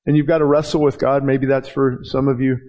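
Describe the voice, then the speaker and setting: A man's voice: medium pitch, little pitch movement, a little fast, mellow, lo-fi sound. A middle-aged man preaching a passionate sermon as pastor, acting out prayers and quotes and often restarting his sentences.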